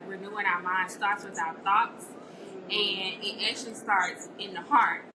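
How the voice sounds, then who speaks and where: A woman's voice: mid-range voice, fairly even intonation, measured pace, distant mic. A woman sharing a candid personal reflection in a chatty way, often saying "you know". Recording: echoey room, off-mic, noisy.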